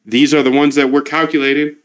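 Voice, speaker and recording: A man's voice: fairly high pitch, flat delivery, fairly quick, smooth. A man casually talking through live coding, chatty and slangy, coaching his coding assistant as he goes. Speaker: trading bot developer and streamer.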